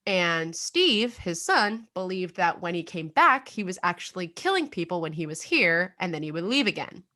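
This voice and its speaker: A woman's voice: lowish voice, very animated, moderate pace, pushed and bright. A young adult woman co-hosting a casual true-crime podcast, chatty and full of fillers, laughing now and then. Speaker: podcast co-host.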